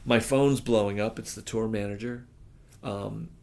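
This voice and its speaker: Gravelly-voiced drummer telling a story. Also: male voice, lowish voice, fairly even intonation, unhurried, darkish tone. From United States. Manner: acts out the people in his stories, voice jumping up for quoted lines. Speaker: drummer and interview guest. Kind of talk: animated storytelling in casual chat.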